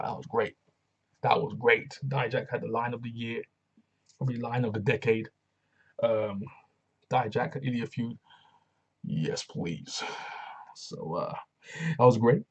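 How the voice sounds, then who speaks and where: Gravelly-voiced man reviewing wrestling. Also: medium pitch, muffled recording. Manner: slangy, excitable, repeats phrases. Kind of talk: casual solo review.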